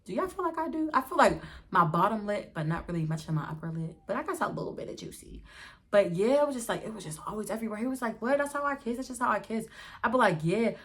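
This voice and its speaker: A young woman vlogger telling a storytime in a chatty, animated way, talking straight to her viewers. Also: mid-range voice, quick pace. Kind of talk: casual storytime.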